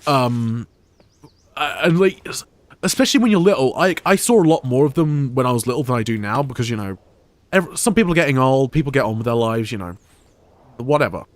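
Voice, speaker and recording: A young British streamer chats casually about his game at a brisk clip, his medium-pitched voice full of lively intonation. He rambles with many fillers and restarts, and his English accent has Scottish touches.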